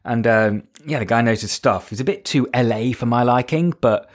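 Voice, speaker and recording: A man's voice: medium pitch, moderate pace. Chatty northern English man podcasting. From Northern England. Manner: chatty, animated, with frequent fillers and self-deprecating asides. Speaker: podcast host and coach. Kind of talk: casual podcast monologue.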